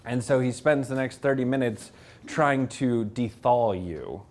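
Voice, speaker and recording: A man, an author, telling lively self-mocking stories to an audience at a library talk, acting out the people he quotes. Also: medium pitch, unhurried. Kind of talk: anecdotal storytelling to a live audience. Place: public library event room.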